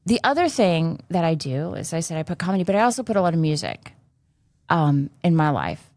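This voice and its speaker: A woman's voice: low voice, sing-song, a little fast, a little mellow, no echo. A woman hosting a podcast in candid casual chat, blunt and salty, cussing freely. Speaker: podcast host.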